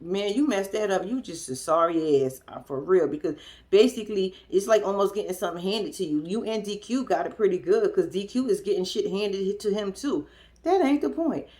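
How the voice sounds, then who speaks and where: Brief: woman vlogger, chatty and blunt, swears freely, middle pitch. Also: expressive, fairly quick, darkish tone. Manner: candid and blunt, slangy, with cussing; chatty, addresses viewers directly. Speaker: reality show recap host. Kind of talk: casual recap commentary.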